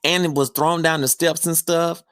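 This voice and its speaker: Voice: mid-range voice, fairly even intonation, normal speed, a bit bright. A podcast host giving a casual, chatty film review recap, telling the story with slangy asides.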